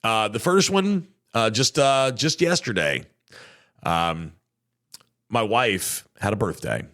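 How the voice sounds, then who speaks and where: A man in his thirties with a drawl, hosting a casual local podcast. His talk is chatty and loose, full of fillers. His pitch swings widely and lively, rising high when he gets excited. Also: slow pace. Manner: chatty and animated, many fillers. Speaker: podcast host.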